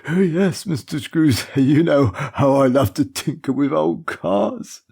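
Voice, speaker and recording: A man's voice: fairly high pitch, slow pace, creaky, mellow, husky, voice pushed up, heavily acted. A man voicing a nervous, timid old male chauffeur who stammers and hesitates.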